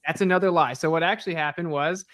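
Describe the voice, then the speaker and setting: A man in a heated debate, insistent and defensive, firing back quick rebuttals. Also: fairly high pitch, fairly bright tone, no room sound.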